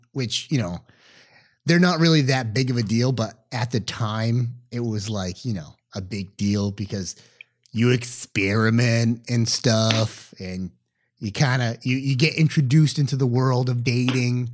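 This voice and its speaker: Animated young man telling stories. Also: medium pitch, unhurried. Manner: animated storyteller, acts out quotes, swears freely. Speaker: podcast co-host. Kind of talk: casual storytelling chat.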